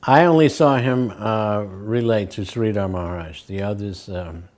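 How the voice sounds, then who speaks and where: Older man telling stories, mellow voice. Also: lowish voice, unhurried. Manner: acts out quoted voices, chuckles between stories. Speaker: devotee recalling memories. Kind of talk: anecdotal storytelling.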